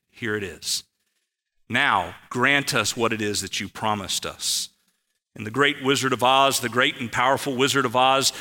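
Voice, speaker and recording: Man, pastor, sermon, very bright voice, animated storytelling, long hall reverb. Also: medium pitch. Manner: animated storytelling, repeats key phrases.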